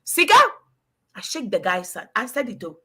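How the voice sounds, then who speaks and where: A woman's voice: medium pitch, very animated, moderate pace, pushed and bright, slightly rough. A woman from Ghana, chatting casually and emphatically while giving relationship advice and calling out to a listener by name. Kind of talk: casual chat.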